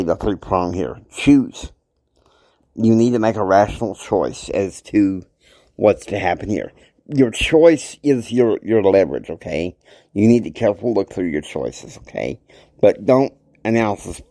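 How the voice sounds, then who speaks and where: A man's voice: sits low, a little mellow, dry recording. A man hosting a self-help show, talking casually and motivationally in a rambling way, often checking in with the listener. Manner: rambling, keeps checking in with "okay?".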